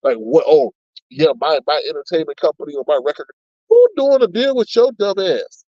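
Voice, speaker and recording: A man rants through casual online-drama commentary, blunt and heavy on profanity, stopping to read chat comments aloud. His voice sits a little high for a man. The recording is dull and muffled, with no room sound at all. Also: sing-song, moderate pace, no echo. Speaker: commentary channel host.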